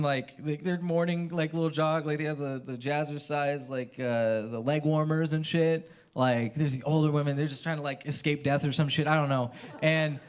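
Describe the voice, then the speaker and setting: Young man, from California, stand-up comedy, theater stage, slightly high pitch, profane storytelling. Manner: loose, profane storytelling with shouted impressions.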